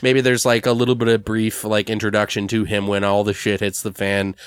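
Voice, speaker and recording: A man's voice: on the low side, little pitch movement, fairly quick, smooth, no echo. A man casually brainstorming a story on a podcast, rambling with lots of fillers and swearing. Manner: rambling, profane, full of fillers. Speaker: podcast co-host.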